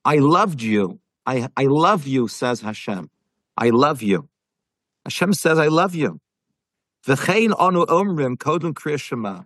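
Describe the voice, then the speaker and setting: Earnest man teaching Torah, husky voice. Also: mid-range voice, big pitch swings, measured pace, fairly bright tone, dry recording. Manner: earnest, repeats and rephrases, mixes Hebrew terms. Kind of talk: explaining a Jewish text to a listener.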